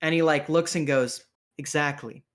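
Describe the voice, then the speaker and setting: A man's voice: fairly high pitch, a little slow, fairly bright tone. A man narrating a tabletop role-playing game as game master, in a casual, vivid way. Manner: casual, vivid, with fillers and restarts.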